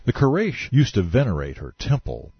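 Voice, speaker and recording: A man's voice: mid-range voice, wildly swooping pitch, moderate pace, slightly rough, dry recording. A man reading historical texts aloud in scripted, dramatic narration, in a dull, dry recording.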